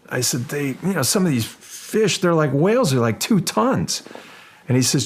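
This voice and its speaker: A middle-aged man, an actor guest in a casual interview, speaking with a husky voice, often restarting his sentences and growing lively as he tells a story. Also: medium pitch. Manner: halting, restarts often, grows animated while telling a story.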